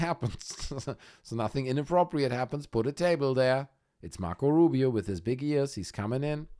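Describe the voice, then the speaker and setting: A man hosting a live online show in a loose, sarcastic way, with a lively voice that rises and falls a lot. He mocks the clips he talks about and keeps a casual tone throughout. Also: medium pitch. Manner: sarcastic, mocking, puts on silly voices. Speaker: livestream host.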